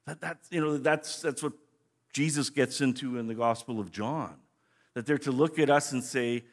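A man's voice: mid-range voice, normal speed. A man teaching scripture as a pastor in a conversational, explanatory way, often restarting his phrases. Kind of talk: sermon teaching.

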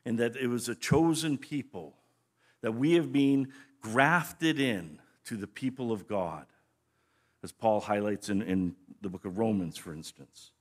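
A man's voice: lowish voice, unhurried. Man teaching scripture conversationally. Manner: conversational, explanatory, frequent restarts. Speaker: pastor. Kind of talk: sermon teaching.

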